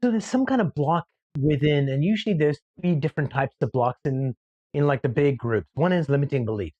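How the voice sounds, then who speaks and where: A man speaking as a guest coach in a podcast interview, telling stories in an animated way and acting out what people say. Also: fairly high pitch, a little fast, slightly rough, dry recording, muffled recording. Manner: animated storyteller who acts out quoted voices. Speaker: guest, behavior-change coach.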